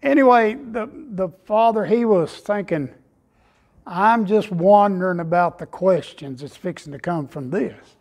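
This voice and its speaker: A man's voice: sits high, a little slow, a little mellow. A man preaching a sermon, telling humorous stories in a folksy way. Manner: folksy storytelling, Southern phrasing. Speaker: pastor.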